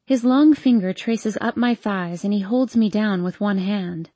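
A woman's voice: mid-range voice, a little slow, warm tone, no room sound. Woman narrating a first-person romance audiobook.

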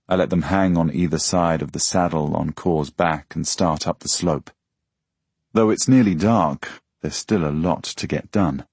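A man reading a novel aloud in the first person, with measured, quiet storytelling. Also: a bass voice, husky, no echo. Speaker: audiobook narrator. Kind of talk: first-person scripted narration.

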